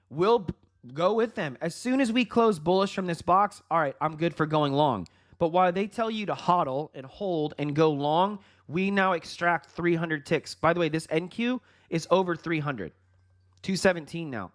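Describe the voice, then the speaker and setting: A man with a slightly high voice hosts a live trading stream, calling the market as it moves. Hyped and excited, he addresses viewers directly as "guys" and "folks" and often bursts out laughing.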